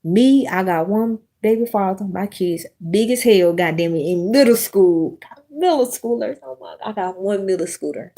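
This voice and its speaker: A woman's voice: medium pitch, expressive, moderate pace, dark tone. Blunt, profane woman ranting on a livestream. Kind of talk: casual livestream rant.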